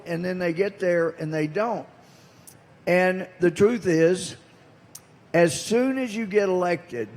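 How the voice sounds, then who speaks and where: A man's voice: fairly high pitch, darkish tone. Older Southern man speechifying in a reverberant hall. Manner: folksy, anecdotal storytelling with emphatic punchlines. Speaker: congressman giving a speech. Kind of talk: speech to a live audience.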